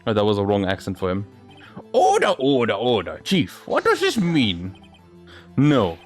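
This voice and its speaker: A man's voice: on the low side, wildly swooping pitch, measured pace, voice pushed down, full character voice. A man reading a courtroom game aloud and doing every character's voice himself, sometimes stumbling over words. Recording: faint music behind.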